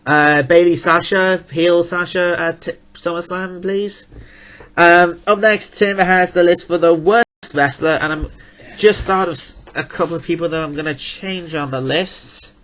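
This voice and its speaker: A man with a slightly raised pitch talks in a relaxed, jokey way, tossing out quick opinions. He keeps the casual chat rolling with easy banter. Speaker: co-host of a wrestling awards chat.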